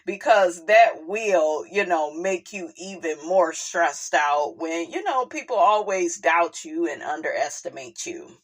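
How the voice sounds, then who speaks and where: A woman hosting a casual reality TV recap, talking with sass, drawn-out words and frequent exclamations. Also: fairly low pitch. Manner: sassy, animated, drawls and exclaims.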